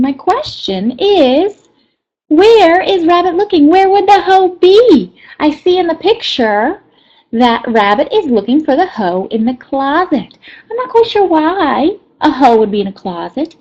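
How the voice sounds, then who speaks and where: Woman voicing a cow puppet, female, curious, sing-song, high-pitched, moos, storybook reading, dull lo-fi sound. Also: a little mellow. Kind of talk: storybook read-aloud for kindergartners.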